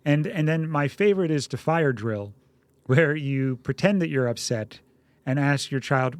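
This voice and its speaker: Animated male co-host giving parenting advice. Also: a little high, moderate pace, no room sound. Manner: acts out parent dialogue in animated quoted voices. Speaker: podcast co-host, doctor. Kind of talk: casual parenting advice chat.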